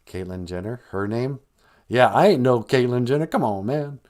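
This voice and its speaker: A man doing a comic impression of a gruff woman who insists she is a woman, in casual slang on a live stream. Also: mid-range voice, lively intonation, moderate pace, darkish tone, natural voice. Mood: defensive.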